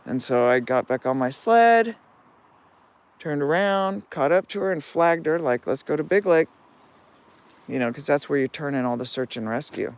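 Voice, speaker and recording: A man on a late-night walk outdoors, telling a story in a casual, animated way, swearing freely and laughing, recorded on a phone. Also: on the high side, normal speed, smooth. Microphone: phone held while walking.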